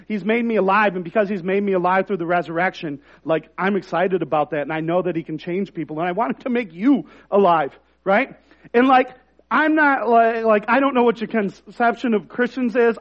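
A man's voice: high voice, muffled recording. A man preaching a sermon in a conversational, self-deprecating way that rises to emphatic points. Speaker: pastor.

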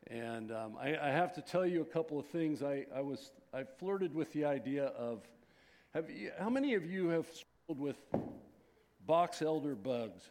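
This man in his sixties is a pastor in a church sanctuary who prays and then greets his congregation in a chatty, rambling way, full of fillers and restarts. His voice runs on the high side, animated and a little mellow, at a normal speed.

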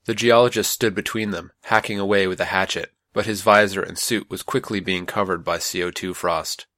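A man with a low voice reads a story in a steady, measured way. The recording is close and completely dry, with no room echo. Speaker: narrator. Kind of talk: scripted audiobook narration.

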